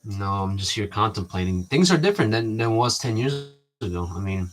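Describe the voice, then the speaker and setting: A man's voice: fairly low pitch, animated, brisk. Rambling casual man vlogging. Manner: rambling, restarts often, acts out quoted exchanges.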